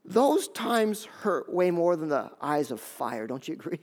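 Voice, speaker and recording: A man preaching a sermon, animated and conversational, acting out scenes and talking straight to his listeners. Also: a little high, a little slow. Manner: animated, acts out scenes in quoted voices; conversational, talks straight to the audience. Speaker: pastor.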